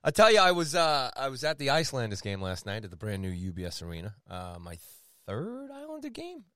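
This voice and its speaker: A man from New York co-hosting a sports radio show in casual chat, excitable and quick to laugh. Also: lowish voice, smooth, no room sound, studio quality. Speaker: co-host.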